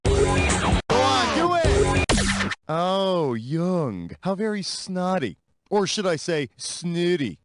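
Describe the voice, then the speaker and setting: A man's voice: high voice, sing-song, moderate pace, over loud music. An actor playing a wisecracking male quiz show host in a video game, with a sarcastic, teasing, punchy comic delivery. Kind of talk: scripted game show hosting.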